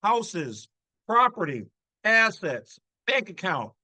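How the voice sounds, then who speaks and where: A man's voice: high voice, sing-song, slow, bright, forceful tone, no echo, low-quality recording. A man hosting his channel, commenting in a brash, folksy, slangy way. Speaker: channel host. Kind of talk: casual commentary on a read-aloud text.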